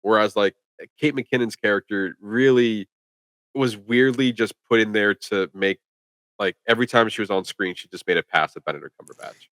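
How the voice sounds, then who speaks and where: A man's voice: lowish voice, moderate pace, a bit bright, dry recording. A man co-hosting a podcast, chatting casually about a film in a rambling way full of "like". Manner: rambling, filler-heavy with lots of "like". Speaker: podcast co-host. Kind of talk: casual chat, movie review.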